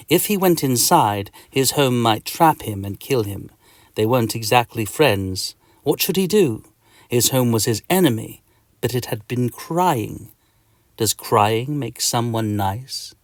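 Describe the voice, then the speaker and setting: Man, children's audiobook narrator, second-person storytelling, very expressive pitch, dry close recording. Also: no echo. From Australia. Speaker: author and narrator.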